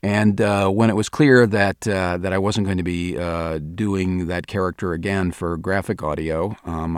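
A man with a notably deep voice answers interview questions, pausing and restarting as he works out his thoughts. His voice sounds dry and close, with no room around it. He talks as a voice actor and director. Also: clear, resonant tone, no echo. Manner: hesitant, thinking aloud with many restarts. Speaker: audio drama director and voice actor.

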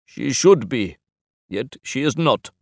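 A man voicing a grave, shaken older scientist who speaks in formal, measured sentences. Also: medium pitch, lively intonation, vocal fry, darkish tone, no echo, clean studio sound, pitched above the performer's own voice.

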